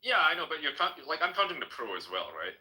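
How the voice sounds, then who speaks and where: A man in an easygoing voice chat among friends. His voice swings up and down a lot and sounds bright and forward, and he swears freely. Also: on the high side, quick pace, poor audio. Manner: relaxed, swears often, animated. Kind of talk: casual chat.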